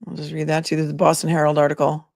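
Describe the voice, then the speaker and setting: Lowish, chatty woman livestream host. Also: monotone, very fast, creaky, darkish tone, no echo, clean studio sound. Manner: chatty, thinking aloud with many asides; reads viewer messages aloud. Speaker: attorney and commentator. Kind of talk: casual livestream commentary.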